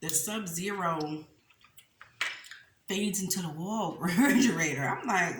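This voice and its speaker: A young woman talks and eats through a mukbang, her pitch swinging up and down as she chats. She laughs often and keeps calling her viewers "y'all." The sound has a roomy echo and a faint hiss of noise. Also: animated, unhurried, long pauses. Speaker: mukbang host. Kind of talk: casual chat while eating on camera. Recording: echoey room with faint noise.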